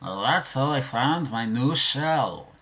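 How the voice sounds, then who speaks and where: A man voicing a dim-witted cartoon creature that talks about its new shell, in a slow, dopey way. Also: mid-range voice, animated, fairly bright tone, voice pushed up.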